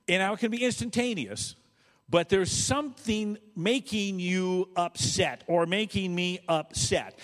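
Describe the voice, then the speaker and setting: Animated preaching man in a reverberant hall. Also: sits high. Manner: animated preaching, swinging from loud bursts to quiet asides. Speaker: pastor. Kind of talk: sermon.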